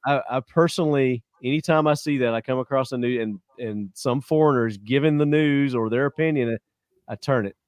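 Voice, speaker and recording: A man's voice: mid-range voice, fairly quick, clear, resonant tone, dry recording. A man hosting a podcast in casual chat, blunt and profane, airing strong opinions. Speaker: podcast host.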